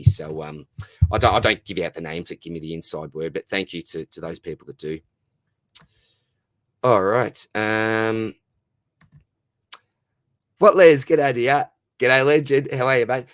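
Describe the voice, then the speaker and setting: A man's voice: deep voice, fairly bright tone, no echo. A young Australian man hosting a casual live question-and-answer stream, upbeat and matey, and losing his voice.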